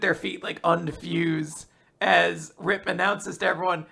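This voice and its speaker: Woman podcast host, casual manga recap, bright voice, animated plot retelling. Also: on the low side, measured pace, vocal fry.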